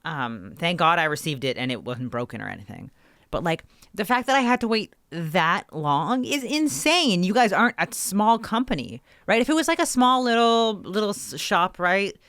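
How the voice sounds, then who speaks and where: A woman co-hosting a podcast, telling a story in an animated, ranting way with swearing, close to her microphone. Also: fairly low pitch, moderate pace, no room sound. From Canada. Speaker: podcast co-host. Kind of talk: casual podcast chat. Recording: dry close-mic sound.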